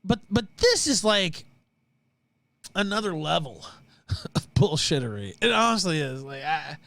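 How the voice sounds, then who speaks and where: High, animated man ranting mockingly. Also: unhurried. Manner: profane, mocking. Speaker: livestream show host. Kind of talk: ranting commentary.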